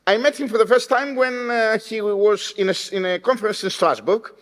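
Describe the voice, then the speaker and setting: A man giving a speech of thanks for a colleague, jovial and teasing, with hesitant pauses. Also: high voice, a bit bright. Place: lecture hall. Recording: long hall reverb.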